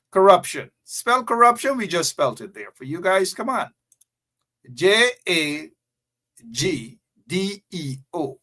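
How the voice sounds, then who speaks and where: A man's voice: high voice, pushed and bright. A man with a Guyanese accent hosting a live talk show, chatting to viewers in a sarcastic, joking way.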